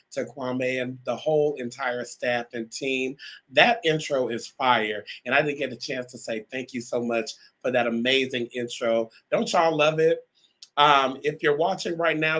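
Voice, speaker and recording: Bright-voiced male talk show host. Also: medium pitch, low-quality recording. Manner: chatty, addresses viewers directly, many um fillers. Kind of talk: live talk show monologue.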